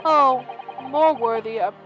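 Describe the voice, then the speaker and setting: A woman's voice: high voice, slow, over music. A woman voicing an old male actor who declaims archaic verse in a grand, theatrical manner.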